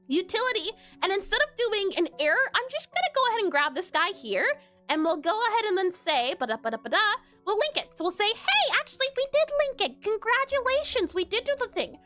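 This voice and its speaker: Very high, bright, giggly woman streamer. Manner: giggly and playful, laughs often. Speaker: game developer streaming. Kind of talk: casual live-stream chat while coding.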